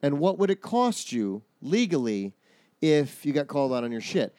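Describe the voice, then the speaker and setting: A man's voice: fairly high pitch, big pitch swings, normal speed, mellow, no echo. Man musing through his theories. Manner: thoughtful, explains theories at length with restarts. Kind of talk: casual chat.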